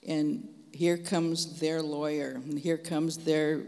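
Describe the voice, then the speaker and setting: A man preaching a testimony in an animated, frank and folksy storytelling manner. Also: a little high, takes it slowly, gravelly. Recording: long hall reverb.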